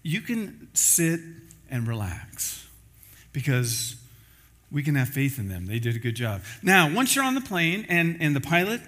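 A man's voice: a little high, big pitch swings, a little slow, a bit bright. A man preaching a sermon as pastor, in a conversational style with everyday examples.

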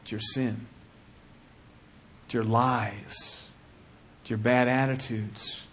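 A man preaching a sermon with passion, dropping to a hush and then rising to shouting. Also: mid-range voice, steady tone, takes it slowly, a little hiss or hum. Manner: impassioned, swings from hushed to shouting.

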